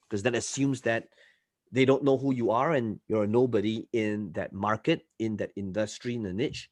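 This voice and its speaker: A man coaching a live online class, often checking in with listeners and swinging between loud and soft delivery. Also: medium pitch, steady tone, moderate pace, dry recording. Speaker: marketing coach.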